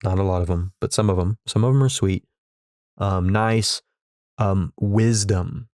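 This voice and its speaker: Man, low voice, sarcastic ranting podcast host, repeats himself, swears, dry close mic. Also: a little slow, darkish tone, no echo. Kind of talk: comedic rant. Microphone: studio microphone.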